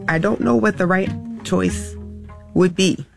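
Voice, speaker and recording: Slow, gravelly-voiced woman recounting emotionally. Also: fairly low pitch, over music. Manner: halting, emotional, many restarts and fillers. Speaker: interview guest. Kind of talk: reflective personal storytelling.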